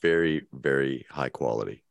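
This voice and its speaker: A man co-hosting a podcast over a remote call, playful and quick to laugh. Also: rumbling low, vocal fry, dry recording. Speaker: podcast co-host. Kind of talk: casual chat.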